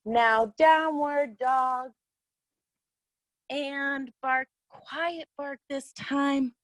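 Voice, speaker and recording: Young woman, kids yoga instructor; high, unhurried, sing-song and encouraging, dry close sound. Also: a bit bright, no echo, rough recording. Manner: cheerful, encouraging, sing-song cues to children. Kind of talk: guided kids yoga class. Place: outdoors in a yard.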